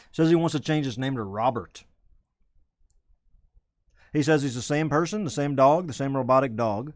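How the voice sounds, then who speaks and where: A man's voice: mid-range voice, moderate pace, long pauses, no room sound, studio quality. A man hosting a comedy web show, rambling and self-correcting while hyping merchandise like a salesman. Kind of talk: rambling comedic live-stream chat.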